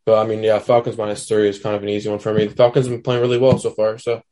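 A man with a low, flat voice gives his betting take in a halting, rambling way. His tone barely rises or falls. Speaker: podcast co-host. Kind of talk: casual sports betting talk.

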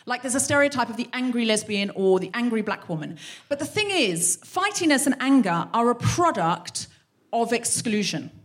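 A woman's voice: on the high side, sing-song, moderate pace. A woman hosting a live comedy podcast on stage, talking straight to the crowd, swearing a lot and acting out both sides of a row herself. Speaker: podcast host. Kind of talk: live stand-up monologue. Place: concert hall in front of a live audience.

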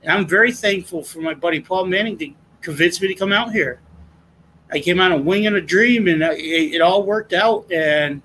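High-voiced earnest middle-aged man. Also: normal speed, sharp tone, a little hiss or hum, rough recording. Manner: earnest, impassioned, rambling. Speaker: guest sharing a testimony. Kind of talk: casual conversation.

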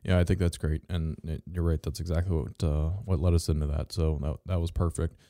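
A man with a low, mellow voice talks through marketing tips as co-host, stumbling over restarts and fillers as he goes. His delivery is casual, with the odd dry sarcastic aside. The sound is close and dry. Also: level tone, no room sound. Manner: halting, many fillers and restarts. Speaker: podcast co-host. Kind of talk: casual business chat.

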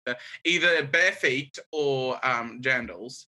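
Kiwi guy, very bright voice. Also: mid-range voice, slow pace. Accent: mild New Zealand. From New Zealand. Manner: chatty, lots of fillers and restarts. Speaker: guest comedian. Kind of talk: casual podcast chat.

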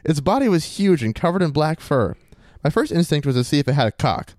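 A man's voice: on the high side, big pitch swings, a little fast, darkish tone, no echo, clean studio sound. A man hosting a podcast, reading a listener's story aloud in a swaggering, crude bro persona. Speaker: podcast host.

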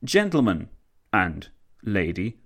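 A man's voice: lowish voice, sing-song, slow, heavily acted. A man voicing an earnest male prime minister who pleads with urgency. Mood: urgent.

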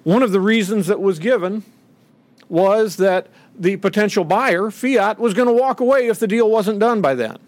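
Indignant high-voiced man speaking. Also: moderate pace, no echo. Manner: indignant, acts out quoted voices with rising pitch. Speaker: speaker at a podium. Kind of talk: impassioned public speech.

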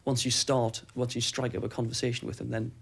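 A man recounting a personal ordeal in measured, even testimony. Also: medium pitch, creaky, slightly rough. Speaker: interviewee recalling captivity.

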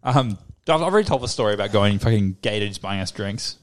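Fast, lively bloke bantering. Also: male voice, fairly low pitch. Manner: quick jokey interjections, profane. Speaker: podcast co-host. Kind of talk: casual banter.

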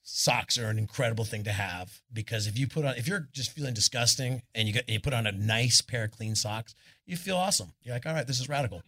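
Husky, forceful man telling stories. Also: mid-range voice, quick pace. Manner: loose, profane anecdotes with lots of "I'm all". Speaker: guest musician. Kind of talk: live storytelling on stage. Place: arts club stage, indoors.

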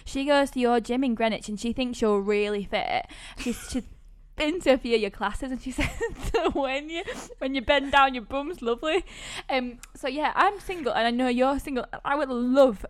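A woman's voice: high-pitched, normal speed, few pauses, clean tone. A woman with a northern English accent, a podcast co-host leaving a rambling, giggly prank voicemail. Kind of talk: casual chat.

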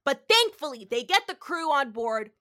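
Woman podcast co-host, high bright voice, excitable, sweary, casual episode recap. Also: normal speed. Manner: excitable, swears, laughs, acts out quotes.

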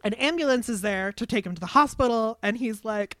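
A woman's voice: fairly high pitch, brisk, fairly bright tone, no echo, studio quality. A woman chatting as a podcast co-host, telling stories with wry asides. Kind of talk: casual podcast chat.

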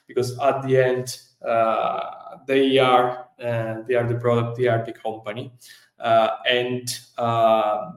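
A man with an Italian accent, a podcast guest who talks about community work in careful, hesitant English with many pauses. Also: mid-range voice, echoey room, rough recording. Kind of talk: podcast interview.

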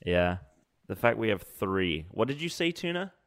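Low-voiced, laughing podcast co-host. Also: male voice, sing-song, normal speed, dry recording. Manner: laughs often, trails off mid-sentence. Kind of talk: casual chat.

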